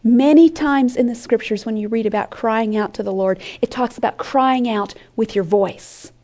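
A woman teaching scripture in an earnest, heartfelt way, sinking into hushed whispers to stress a point. Her voice is warm and mellow, sitting a little high. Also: moderate pace. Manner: earnest, drops to soft whispers for emphasis. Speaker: Bible teacher. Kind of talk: sermon-style Bible teaching. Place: conference room with an audience.

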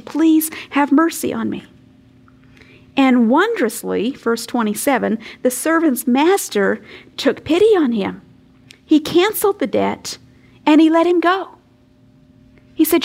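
Female Bible teacher, slightly high voice, emphatic, dramatic in quoted lines. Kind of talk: sermon-style Bible teaching.

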